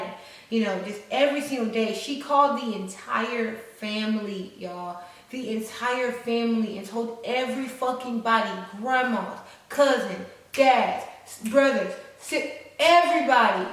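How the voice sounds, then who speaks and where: A young woman vlogger tells a personal story, casual and profane, playing up the drama for her viewers. Her fairly high voice echoes heavily around the room, and the mic sits at some distance. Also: moderate pace. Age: 20s. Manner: frank, profane, dramatic, talks to viewers as y'all.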